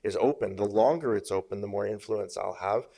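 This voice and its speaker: Emphatic low-voiced male business coach. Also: fairly quick, gravelly, mellow. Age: middle-aged. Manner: emphatic, uses sparring metaphors, asks "make sense?". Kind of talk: conversational podcast interview. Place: podcast studio.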